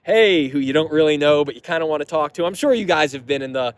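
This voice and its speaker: A man's voice: on the high side, fast, clear, resonant tone. A young man from Massachusetts telling a long, rambling story to his channel in a casual, profane way, with frequent asides and laughs. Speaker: metal vlogger.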